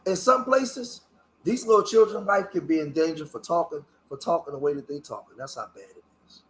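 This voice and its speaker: Man, from Philadelphia, fervent reaction commentary, preachy, swears, fairly high voice. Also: fairly quick, a bit bright. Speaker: online commentator.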